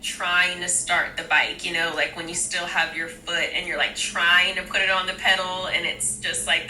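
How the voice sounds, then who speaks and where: A woman's voice: low-pitched, sharp tone, reverberant, slight background noise, rough recording. A woman speaking in a confessional interview, emotional, hesitant and reflective. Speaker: reality show participant.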